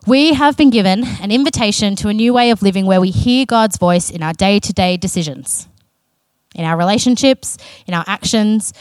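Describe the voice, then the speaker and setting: A woman's voice: medium pitch, moderate pace, darkish tone, dry recording. A woman delivers a sermon in an earnest, chatty manner, slipping in casual asides. Her voice sits in an ordinary middle register. The sound is dry and close, with little room around it. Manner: earnest and conversational, with self-aware asides. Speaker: preacher.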